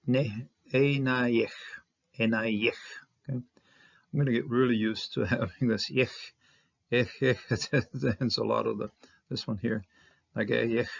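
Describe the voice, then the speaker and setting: A man teaching a casual verse-by-verse Hebrew lesson, halting and thinking aloud with many fillers and small chuckles. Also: medium pitch, creaky. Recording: dull lo-fi recording.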